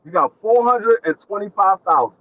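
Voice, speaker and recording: A man's voice: high voice, lively intonation, moderate pace, no room sound, lo-fi sound. A man co-hosting a casual boxing talk show, insistent, repeating his point over and over. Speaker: boxing podcast co-host. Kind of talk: casual debate chat.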